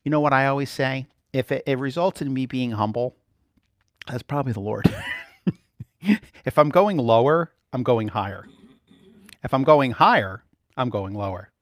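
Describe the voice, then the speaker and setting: A man preaching a sermon in an animated, playful way, often laughing between points. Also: mid-range voice, normal speed, long pauses, no room sound, clean studio sound.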